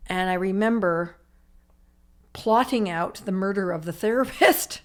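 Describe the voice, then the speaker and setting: A woman's voice: medium pitch, measured pace. A woman telling her own recovery story in conversation, speaking in emotional, run-on sentences full of "I'm like" asides. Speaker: author and recovery guest.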